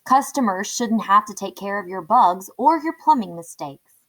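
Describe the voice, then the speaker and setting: A woman's voice: mid-range voice, lively intonation, moderate pace, natural voice. A woman reading aloud, voicing a blunt father who firmly scolds a restaurant owner. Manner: firm, scolding.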